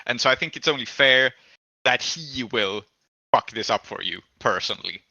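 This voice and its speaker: A man serves as game master for a tabletop game, narrating at a measured pace and often pausing to think. His voice is bright and cutting. It sounds dry and a little muffled, as if from a home microphone. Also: mid-range voice, animated, gravelly, dry recording. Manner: measured, thinking aloud with pauses.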